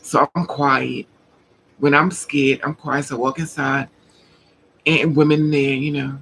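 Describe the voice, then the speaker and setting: A woman's voice: a bass voice, flat delivery, measured pace, fairly bright tone, a little hiss or hum, rough recording. A woman vlogger casually telling a personal story to her viewers, acting out the dialogue and laughing often.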